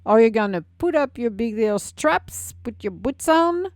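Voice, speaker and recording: A woman's voice: fairly high pitch, lively intonation, normal speed, a little mellow, dry recording, clean studio sound. Blunt woman giving a tough-love pep talk. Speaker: podcast host. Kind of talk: solo self-help talk.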